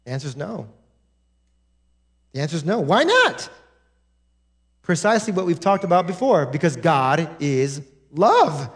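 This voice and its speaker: A man preaching a sermon as pastor, repeating lines and building to shouts. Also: fairly high pitch, big pitch swings, measured pace, long pauses.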